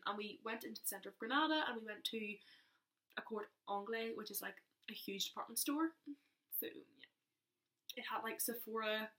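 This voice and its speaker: A woman's voice: mid-range voice, sharp tone. A young woman telling a personal story in a rambling, chatty way, often interrupting herself. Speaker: vlogger.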